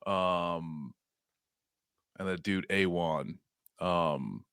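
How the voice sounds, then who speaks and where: A man co-hosting a podcast, talking casually and unhurriedly with plenty of fillers. His voice is low and sits dry and close to the mic. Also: very slow, smooth, no echo. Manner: relaxed, filler-heavy, laid-back. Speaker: podcast co-host.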